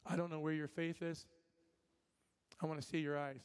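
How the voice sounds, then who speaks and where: A man from Michigan preaches in a church, his voice pitched a little high for a man. He tells stories animatedly, acts out every voice and often restarts his sentences. His words ring out with a long hall reverb. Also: little pitch movement, moderate pace, clean tone. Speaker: guest preacher. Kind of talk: sermon with storytelling and prophetic ministry. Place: church sanctuary.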